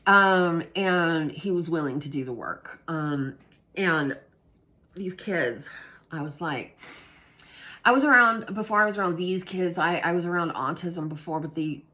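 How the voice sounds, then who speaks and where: Give me a woman with a low voice telling a story casually, hesitant and sometimes whispering. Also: measured pace. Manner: hesitant, many ums, drops to hushed whispers at times. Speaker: vlogger recounting substitute teaching.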